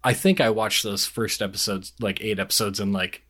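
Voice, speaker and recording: A man's voice: on the low side, steady tone, moderate pace, a bit bright, slight background noise. A man co-hosting a podcast, talking in a rambling way and laughing easily. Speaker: podcast co-host. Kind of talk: casual podcast chat.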